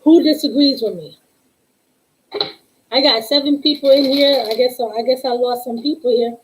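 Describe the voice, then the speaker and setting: A woman hosting a casual live stream, telling a story in a sassy, animated way and quoting the other side of the exchange. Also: high voice, moderate pace, a little hiss or hum, poor audio. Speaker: tarot reader and live-stream host.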